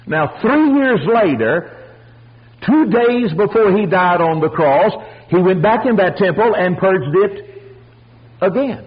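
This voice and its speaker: An older man preaching a folksy storytelling sermon, animated and acting out the voices of the people in his stories. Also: high-pitched, a little slow, long pauses, breathy edge, highs cut off. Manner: animated, acts out voices, chuckles.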